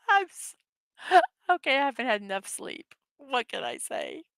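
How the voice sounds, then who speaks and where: A bright, high-pitched woman in middle age chats slowly and warmly through her morning show, giggling often. The sound is close and dry, with no room around it. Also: very animated, vocal fry, dry recording. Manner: giggly, chatty, frequently laughing at her own jokes. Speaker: host of a daily morning show. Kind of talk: casual livestream chat reading memes.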